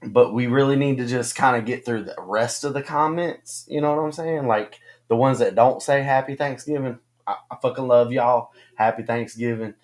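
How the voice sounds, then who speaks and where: A man co-hosting a casual fantasy football livestream, talking haltingly with many ums and restarts. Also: mid-range voice. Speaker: co-host of a fantasy football stream.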